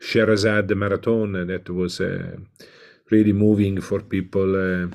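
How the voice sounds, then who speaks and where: A man with an Italian accent, a professor giving a welcome talk online with many pauses and filler sounds. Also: sits low, little pitch movement, gravelly, a little mellow. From Italy. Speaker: professor, invited lecturer.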